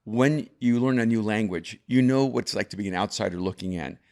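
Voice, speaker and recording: A man's voice: on the low side, a little fast, gravelly, darkish tone. A man over fifty from El Salvador, a guest telling stories in a reflective way with frequent restarts. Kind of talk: conversational storytelling.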